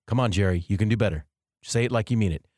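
A man's voice: lowish voice, fast talker, darkish tone, no echo, clean studio sound, natural voice. A man retelling a pushy football player. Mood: insistent. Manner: insistent, coaxing, repeating himself. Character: pushy male pro football player pressing his agent.

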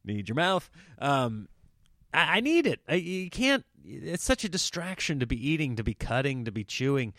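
A man's voice: mid-range voice, sing-song, normal speed, fairly bright tone, dry recording, studio quality. A man hosting a casual solo podcast, telling comic stories and breaking into exaggerated voices for quoted people. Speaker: comedian podcast host.

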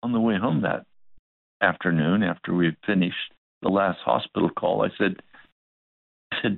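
A male pastor tells a story in his sermon, acting out each side of the dialogue. His voice is low-pitched and gravelly. The recording is dry and narrow, like a phone line. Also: moderate pace, pauses often, dry recording.

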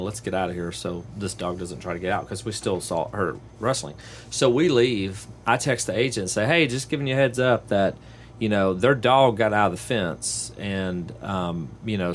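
A man hosting a podcast, telling a casual story and acting out the other people in it with a raised voice. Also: slight background noise. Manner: animated, acts out quoted voices in a higher pitch. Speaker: podcast host and real estate agent.

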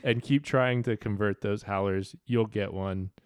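Deep, smooth-voiced male podcast host. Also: fairly even intonation, measured pace, dry recording, studio quality. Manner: laughs easily, upbeat. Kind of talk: casual chat.

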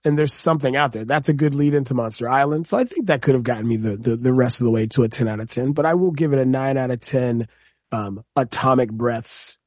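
A man co-hosting a podcast, chatting casually and telling jokes with animated energy. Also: mid-range voice, dry recording, clean studio sound. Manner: animated, joking storyteller. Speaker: podcast co-host. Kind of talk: casual chat.

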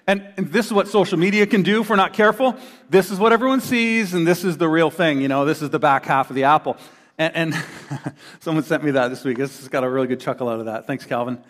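Man, middle-aged, pastor, sermon, fairly high voice, animated storytelling, long hall reverb. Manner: animated storyteller who acts out quoted voices. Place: church hall before a congregation.

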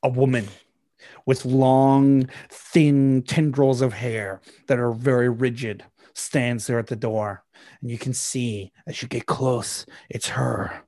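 A man's voice: mid-range voice, steady tone, slow pace, dark tone, no room sound. Playful man running a tabletop game. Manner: playful, rambling, with many fillers. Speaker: game master.

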